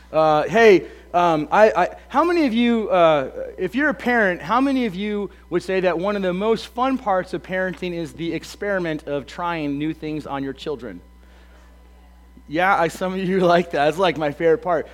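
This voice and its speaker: A slightly hoarse man in his thirties, a pastor giving a casual, joking sermon full of ums and uhs. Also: fairly high pitch, expressive, normal speed. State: a bit hoarse.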